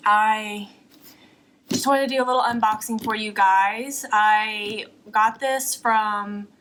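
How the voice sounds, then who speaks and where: Bright-voiced young woman, chatty vlog. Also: medium pitch, steady tone, takes it slowly, poor audio. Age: young adult. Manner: chatty, rambling, with fillers. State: a little out of breath. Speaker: vlogger. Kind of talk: casual unboxing chat. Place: apartment.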